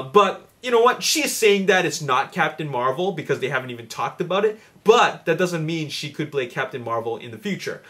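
A man's voice: on the high side, fairly bright tone. Chatty man rambling through movie news. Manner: rambling, many fillers and restarts. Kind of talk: casual video commentary.

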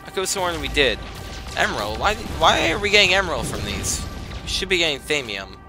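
A man giving casual let's play commentary, breaking into excited outbursts and complaints, then muttering to himself while sorting gear. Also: a little high, fairly quick. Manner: self-talk, mutters and trails off while managing inventory. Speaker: gaming commentator. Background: game music.

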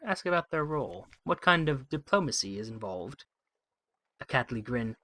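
A man plays through a story game, reading its text and muttering his plans in a wry, musing tone. His voice is bright and crisp. The recording is close and dry, with no room sound. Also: mid-range voice, sing-song, moderate pace, no room sound. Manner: musing, wry, thinks aloud with many hmms. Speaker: let's play host. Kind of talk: game playthrough commentary, reading text aloud.

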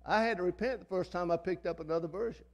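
An older man preaching from the pulpit of a church, his voice sitting high for a man. He is fiery and folksy and hammers his points home by repeating them. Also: fast, gravelly. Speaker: pastor. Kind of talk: sermon. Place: church sanctuary.

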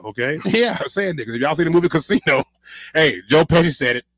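Gravelly joking man, quick profane banter. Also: a little high, animated, a bit bright, no room sound, studio quality. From Chicago. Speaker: podcast co-host. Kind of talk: casual banter.

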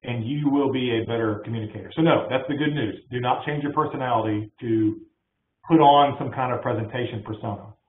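A man presenting a webinar, answering audience questions in an energetic, hand-waving way from his office. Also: mid-range voice, a little fast. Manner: energetic, talks with his hands. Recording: echoey, tinny phone-like line.

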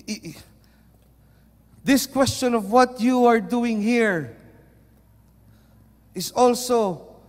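A man preaching a sermon, mixing Tagalog into English and moving between loud and soft. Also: very high voice. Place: church. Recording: long reverb of a large hall.

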